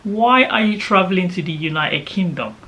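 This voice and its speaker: A man's voice: high voice, expressive, normal speed, sharp tone. A woman retelling the curt, persistent questions of a male airport immigration officer in her own voice. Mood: questioning.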